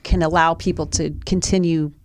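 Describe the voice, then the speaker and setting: Low-voiced woman telling a story. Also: level tone, moderate pace, a little mellow, slight background noise. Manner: rambling with many restarts and fillers. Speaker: podcast co-host. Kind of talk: casual storytelling chat. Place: podcast studio.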